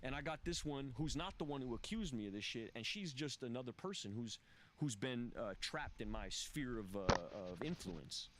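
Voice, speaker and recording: A man's voice: mid-range voice, animated, moderate pace, background noise. A man speaking as a podcast guest, telling his recovery story candidly in a profane, emphatic way with frequent restarts. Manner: profane, emphatic, restless phrasing with repeated restarts.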